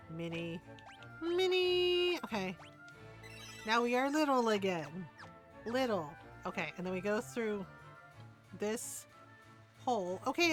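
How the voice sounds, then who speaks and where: A woman streaming a video game, chatting casually with viewers, laughing often and retelling stories with animated energy. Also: medium pitch. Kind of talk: casual gameplay stream chat.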